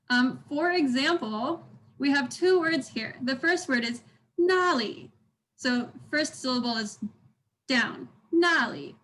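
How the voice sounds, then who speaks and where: Over a video call with poor audio, a young woman leads an online language workshop in a high, slightly bright voice. She is upbeat and encouraging, voicing tones aloud so the class can repeat them.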